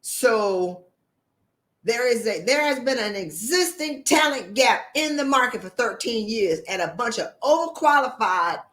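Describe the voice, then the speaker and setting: Woman coach, bit high voice, blunt and sassy, lots of how-dare-you type questions, motivational talk. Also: animated, measured pace, a bit bright, echoey room. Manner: blunt, emphatic, rhetorical questions; colloquial and sassy. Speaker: leadership coach.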